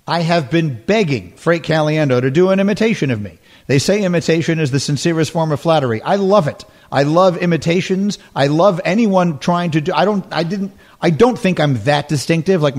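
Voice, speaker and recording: A man hosting a sports talk radio show, speaking emphatically and repeating his points. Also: on the high side.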